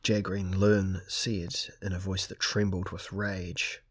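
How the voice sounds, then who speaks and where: A man reading a fantasy novel aloud as audiobook narrator, measured and steady. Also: low-pitched, no echo, studio quality. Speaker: audiobook reader. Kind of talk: scripted narration.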